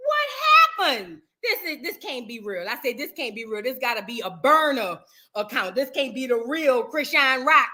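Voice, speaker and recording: High, bright, sassy gossiping woman. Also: normal speed. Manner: animated, sassy, breaks into sung bits. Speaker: gossip commentary host. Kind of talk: casual celebrity gossip chat.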